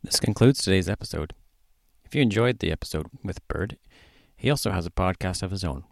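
A man hosting a podcast interview, speaking in a calm, thoughtful way. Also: deep voice, a little fast, creaky, no echo, clean studio sound. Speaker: podcast host. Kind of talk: casual interview.

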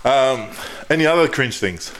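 A man's voice: medium pitch, expressive, normal speed, fairly bright tone, a little hiss or hum. A man co-hosting a podcast, telling sheepish stories about himself with lots of laughter. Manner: sheepish, laughing, self-mocking. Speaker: podcast co-host. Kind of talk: casual banter.

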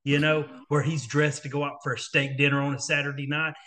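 A man's voice: fairly high pitch, level tone, brisk, sharp tone. A man co-hosting a casual podcast, talking with enthusiasm and saying "dude" and "like" a lot. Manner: enthusiastic, says "dude" and "like" often.

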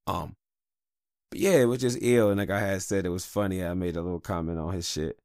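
A man's voice: deep voice, steady tone, fairly quick, darkish tone, no echo, studio quality. A man hosting a podcast, talking in a candid, rambling, profane monologue. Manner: candid, rambling, heavy swearing. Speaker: podcast host.

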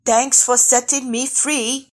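A woman voicing a mischievous male rabbit trickster in a storybook reading, with a high, bold, teasing voice. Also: big pitch swings, measured pace. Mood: cheeky.

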